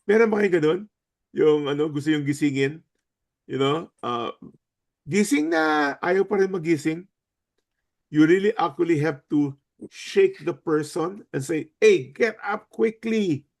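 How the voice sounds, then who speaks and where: A man with a Filipino accent leading a Bible study over a video call, speaking slowly and emphatically, repeating key points and putting questions to the group. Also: on the high side, darkish tone. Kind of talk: online Bible study teaching.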